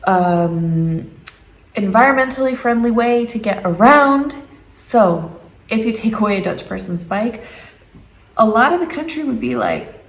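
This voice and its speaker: A woman in her thirties, hosting a casual, joking home vlog and putting on exaggerated voices when she quotes people. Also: medium pitch. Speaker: vlogger. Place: home room. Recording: echoey room with faint background noise.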